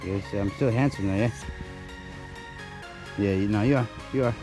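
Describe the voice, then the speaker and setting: A man chatting casually to the camera and his dog outdoors in deep snow, playful and slangy. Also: moderate pace, music in the background. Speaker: dog breeder and vlogger. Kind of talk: casual vlog chat.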